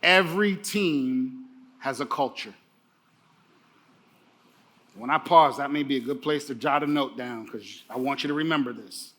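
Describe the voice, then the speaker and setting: A man's voice: mid-range voice, a little slow, pauses often, a bit bright. A middle-aged man giving a motivational keynote speech, emphatic and repeating key phrases for the audience. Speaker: keynote speaker.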